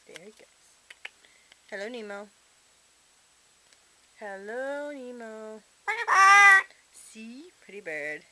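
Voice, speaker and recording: A woman's voice: a little high, expressive, slow, long pauses, fairly bright tone. A woman filming her pet bird at home, coaxing and teasing it in a playful, casual way. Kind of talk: casual talk to a pet on camera. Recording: noisy home camcorder audio.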